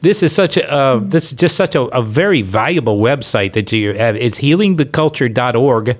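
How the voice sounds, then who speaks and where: A man's voice: mid-range voice, animated, normal speed. A man hosting a radio talk show, enthusiastic and stumbling over his words. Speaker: radio host.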